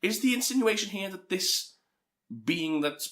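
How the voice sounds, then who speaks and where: A man's voice: high-pitched, animated, a little slow, a bit bright. A young man co-hosting a podcast, chatting and teasing, thinking aloud as he goes. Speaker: podcast co-host. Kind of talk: casual podcast chat.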